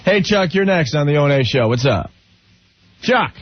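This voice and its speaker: A man hosting a radio show, amused and quick with remarks while taking calls. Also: fairly high pitch, big pitch swings, dry recording. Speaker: radio host. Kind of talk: casual radio banter. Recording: dry lo-fi radio broadcast.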